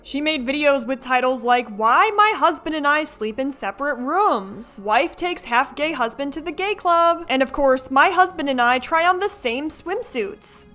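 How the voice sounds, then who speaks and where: A woman narrates a scripted commentary in a wry, gossipy, conversational tone. Her voice is high and bright, with faint music running underneath. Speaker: commentary host.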